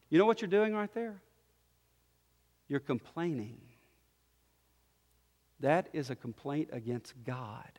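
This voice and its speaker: A man preaching a sermon in an animated way, swinging between loud emphasis and quiet, soft passages. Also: a little high, slow pace, long pauses. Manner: animated, acts out quoted voices. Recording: long hall reverb.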